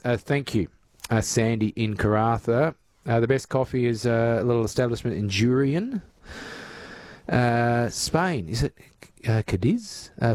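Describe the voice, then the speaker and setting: A man hosts a talkback show in a dry, close studio sound. His voice sits at an ordinary middle pitch, and he rambles along casually with plenty of fillers. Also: darkish tone, dry recording. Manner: chatty, filler-heavy. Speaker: talkback radio host. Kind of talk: radio talkback. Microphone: studio mic.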